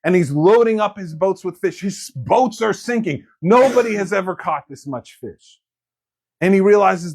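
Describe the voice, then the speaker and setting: A man's voice: high voice, lively intonation, moderate pace, darkish tone, breathy edge. A man preaching a sermon in a conversational, joking way, acting out quoted voices.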